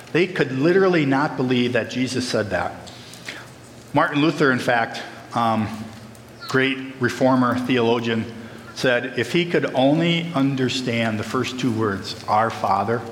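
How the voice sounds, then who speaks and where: A man's voice: mid-range voice, fairly bright tone, slight background noise. A man preaching a sermon, talking earnestly and emphatically and speaking directly to the congregation. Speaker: pastor. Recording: echoey hall, faint ambience.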